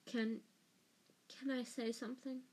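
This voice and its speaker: A woman's voice: high-pitched, steady tone, slow, a little mellow, pitched above the performer's own voice. Woman voicing a timid clever schoolgirl. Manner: timid, polite, hesitant.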